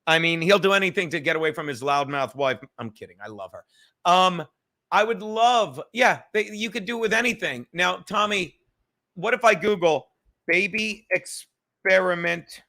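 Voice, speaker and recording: A man's voice: sits high, normal speed, pushed and bright. A man, a comedian hosting a livestreamed podcast, chatting casually and rambling with plenty of swearing and jokes from home. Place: at home in a cluttered room.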